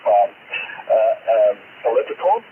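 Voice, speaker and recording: A man's voice: on the low side, sing-song, a little slow. A middle-aged Australian man chatting on CB radio, telling a rambling story and swearing constantly. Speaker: CB radio operator. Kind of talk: crude banter over radio. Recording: noisy tinny radio transmission.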